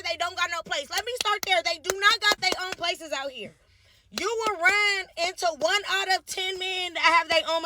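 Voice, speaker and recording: A woman's voice: very high voice, sharp tone, dry recording. A woman with a Los Angeles accent giving a brash, profane rant about dating. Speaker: tiktok creator.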